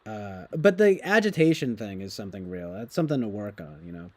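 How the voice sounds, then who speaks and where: A man's voice: on the low side, very animated, fairly quick. A young man streaming, chatting casually in a rambling, profane way and laughing often.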